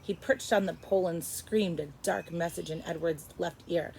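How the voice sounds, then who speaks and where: A woman teacher reading a chapter book aloud to first graders, expressive and stopping to explain. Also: fairly low pitch, normal speed, gravelly, slight background noise, poor audio. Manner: expressive, stops to explain to kids.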